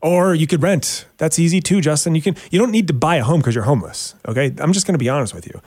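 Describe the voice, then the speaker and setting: A man's voice: quick pace, dry recording, clean studio sound. A man hosting a weekend radio talk show, joking and teasing himself as he talks about his subject. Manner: joking, self-mocking, animated with sudden pitch jumps. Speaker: radio show host and realtor.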